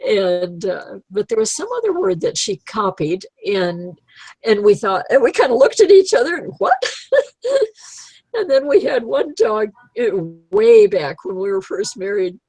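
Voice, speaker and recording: A woman's voice: mid-range voice, very animated, unhurried, a little mellow, slightly rough, no echo, poor audio. A woman in her eighties, a guest telling pet stories in a rambling, chatty way and laughing often. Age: 80s. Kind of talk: casual chat.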